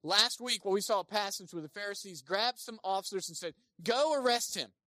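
A pastor preaching a sermon, animated, swinging between loud emphasis and quiet asides, and acting out the people quoted. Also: mid-range voice, brisk, no room sound, studio quality. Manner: acts out quoted speakers in playful voices.

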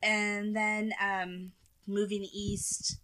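Bright-toned, giggly Texan woman. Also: medium pitch, flat delivery, drawn-out words. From American South. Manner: giggly, rambling with many fillers. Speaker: podcast co-host. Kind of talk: casual chat.

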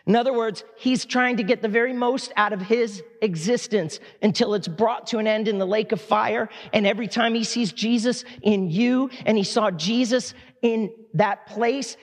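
Male preacher with a high voice, fervent yet chatty sermon delivery, echoing through a large reverberant church. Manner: impassioned, conversational preaching with quick asides. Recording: long hall reverb.

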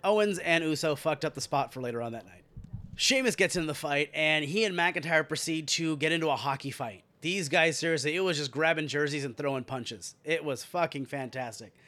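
A man's voice: a little high, a little fast, pushed and bright. A young man ranting and recapping wrestling matches in a casual, profane, sarcastic way. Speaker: wrestling show reviewer.

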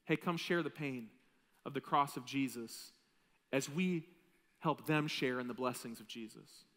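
A man's voice: mid-range voice, unhurried, a bit bright, big-room sound. A man preaching a sermon as pastor in a church sanctuary, talking in a conversational, joking way with the congregation. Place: church sanctuary with a live audience.

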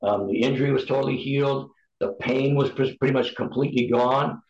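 A man's voice: medium pitch, fairly even intonation, a little fast, darkish tone. A middle-aged man, a podcast guest, giving candid personal testimony in an earnest, emphatic, preacher-like way. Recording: roomy, dull lo-fi sound.

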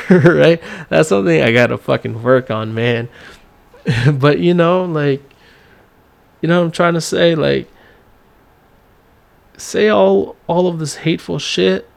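A man's voice: a little high, measured pace, vocal fry, pauses often. A man hosting a solo podcast, talking casually in a rambling way with many fillers and some swearing. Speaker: podcast host.

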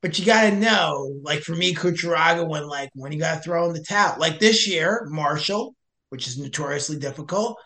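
Young male podcast guest, animated storyteller, roomy echo. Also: fairly high pitch, fairly quick. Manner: animated, acts out both sides of dialogue. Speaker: podcast guest, search and rescue hiker. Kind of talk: casual storytelling.

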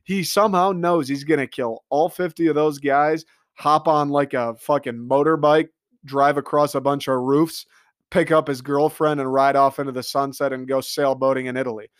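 A man's voice: medium pitch, normal speed, clear, resonant tone, no room sound. Man ranting in a dry, close sound. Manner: excitable, profane, riffing with mock quotes. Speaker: comedic commentator. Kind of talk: comedic rant monologue.

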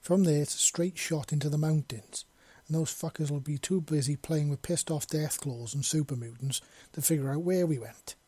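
A man's voice: on the high side, moderate pace, dark tone, slightly rough, no echo. Wisp, a swearing female robot read by a man. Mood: impatient. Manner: sweary, blunt, sardonic. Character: sharp-tongued female robot, freed prisoner. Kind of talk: fan fiction audiobook reading.

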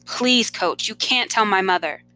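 A woman's voice: mid-range voice, unhurried, sharp tone, slight background noise. A woman reading aloud, voicing a desperate teenage boy who begs urgently. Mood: pleading. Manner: pleading, urgent.

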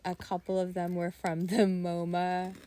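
Rambling young woman, low voice. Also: unhurried, a little hiss or hum. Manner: rambling, animated storytelling with frequent "like" and bursts of laughter. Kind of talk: casual chat.

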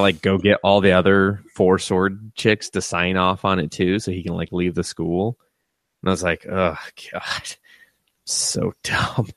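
A man's voice: low-pitched, no echo. A man co-hosting an anime podcast, casually retelling episodes with lots of swearing, laughter and quoted character voices. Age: adult with a young son. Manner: profane, laughing, acts out scenes in quoted voices. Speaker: podcast co-host. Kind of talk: casual anime review chat.

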